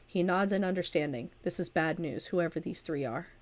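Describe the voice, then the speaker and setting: A woman's voice: fairly low pitch, normal speed. A woman, recovering from an illness, reading a vampire visual novel aloud on a livestream with chatty asides. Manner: chatty asides, stumbles over words and restarts reading. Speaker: streamer and storyteller.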